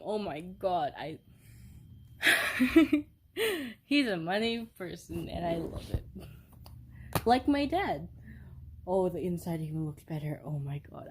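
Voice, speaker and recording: A young woman talks through a casual at-home unboxing, filmed on her phone. Her voice sits a little low and she speaks slowly, drifting between thoughts with frequent giggles and little fillers. She sounds giddy with delight the whole way through. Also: husky. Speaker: vlogger. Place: upstairs room at home. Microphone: phone held by the speaker.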